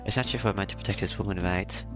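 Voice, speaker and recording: A man reading a visual novel aloud in a plain, steady voice, stumbling and restarting now and then. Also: on the low side, rapid-fire. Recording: music playing behind.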